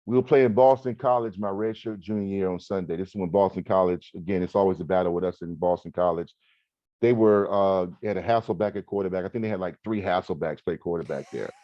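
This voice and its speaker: A man in his forties co-hosting a podcast, telling stories in an animated, emphatic way. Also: sits low, fast talker, dry recording, highs cut off. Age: 40s. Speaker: podcast co-host. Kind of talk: casual podcast chat.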